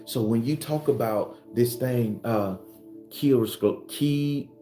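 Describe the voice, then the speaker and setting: Faint music plays behind a spiritual teacher with a Southern accent as he preaches earthily to his followers, repeating his points with emphasis. His medium-pitched voice is slow and mellow, and the recording is reverberant.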